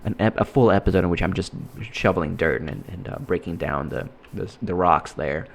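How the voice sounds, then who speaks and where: A man giving casual, rambling commentary while playing a game, halting and restarting his sentences often. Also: sits low, gravelly, a little hiss or hum. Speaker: gameplay commentator.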